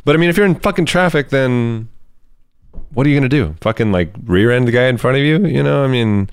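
A man's voice: mid-range voice, lively intonation, a little fast, smooth. A man co-hosting a casual chat, ranting heatedly and swearing a lot. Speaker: podcast co-host.

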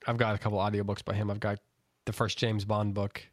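A man hosting a casual book club podcast, relaxed and steering the talk. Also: on the low side, a little fast, dry recording, studio quality. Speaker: podcast host.

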